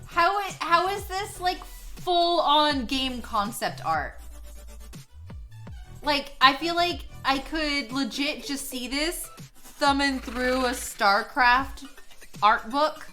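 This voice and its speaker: A young woman streaming while she draws, gushing excitably, swearing a lot, laughing often and trailing off mid-sentence. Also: high voice, takes it slowly, faint music behind. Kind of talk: casual live-stream chat while drawing.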